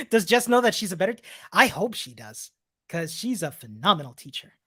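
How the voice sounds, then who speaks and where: A man's voice: high-pitched, big pitch swings, normal speed, sharp tone, slightly rough, no room sound, studio quality. A man teaching a coding bootcamp, wrapping up a live-streamed class and answering viewer questions in an upbeat, encouraging, chatty way. He laughs often and restarts his sentences. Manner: laughs often between remarks.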